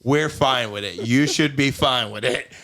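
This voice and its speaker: A man's voice: medium pitch, measured pace, fairly bright tone. A young man co-hosting a podcast in casual chat, joking and teasing. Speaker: podcast co-host.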